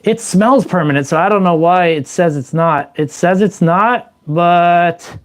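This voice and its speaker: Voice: mid-range voice, unhurried. Playful rambling live streamer. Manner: playful, rambling, breaks into improvised silly songs. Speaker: livestream host and musician. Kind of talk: casual live-stream chat.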